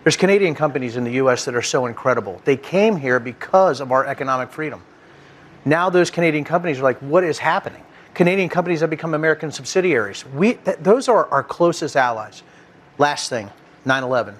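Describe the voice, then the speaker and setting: A man's voice: on the high side, animated, fast talker. A man speaking as a guest on a political panel, emphatic and personal, at times emotional.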